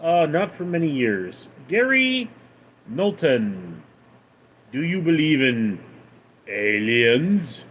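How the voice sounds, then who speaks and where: A man hosting a casual livestream, reading viewer questions aloud and answering them in a deadpan way. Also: a little high, slow pace, pauses often. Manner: deadpan, reads names then answers. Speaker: livestream host.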